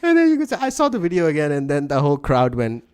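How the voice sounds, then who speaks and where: A man co-hosting a casual podcast chat, rambling and halting with frequent restarts. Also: a little high, huge pitch swings, darkish tone, clean tone. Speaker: podcast co-host.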